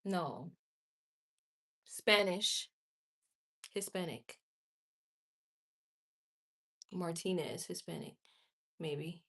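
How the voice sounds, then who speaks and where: A woman's voice: fairly low pitch, vocal fry, bright, forceful tone, breathy edge. A woman chatting casually on a live stream and reacting candidly to viewer comments. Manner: chatty and candid, with quick laughs and exclamations. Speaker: livestreamer.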